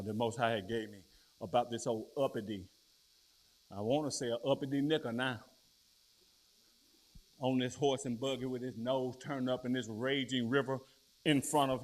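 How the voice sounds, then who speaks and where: A middle-aged man preaching a sermon in plain, colloquial speech, rising to loud declarations and dropping into low storytelling.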